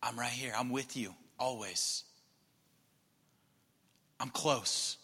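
A man preaching with a bright, forceful voice that carries a long hall reverb. He drops into hushed, breathy near-whispers, then builds to emphatic, louder passages. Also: medium pitch, takes it slowly. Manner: shifts between soft near-whispers and emphatic raised passages. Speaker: pastor. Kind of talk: sermon.

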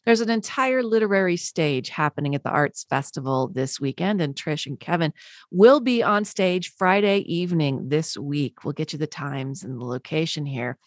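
A woman's voice: low voice, animated, moderate pace, no room sound, clean studio sound. A woman hosting a radio show, chatting with her guests in an upbeat way. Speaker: radio host. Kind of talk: casual radio interview.

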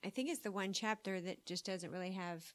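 A woman's voice: medium pitch, a little fast, no echo. A woman co-hosting a casual chat podcast, telling stories and acting out what other people said. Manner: animated storyteller who acts out other people's lines. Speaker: podcast co-host.

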